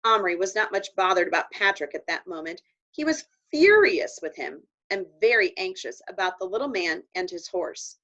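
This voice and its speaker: A woman's voice: mid-range voice, animated, normal speed, fairly bright tone. Woman reading a children's story expressively. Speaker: audiobook reader. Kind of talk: children's book read aloud. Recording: dull lo-fi recording.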